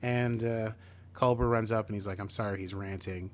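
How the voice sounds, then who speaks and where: A man's voice: lowish voice, steady tone, normal speed, slight background noise. A man co-hosting a podcast, chatting casually as he retells a TV episode and acts out bits of the characters' lines. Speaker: podcast co-host. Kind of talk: casual chat recapping a TV episode.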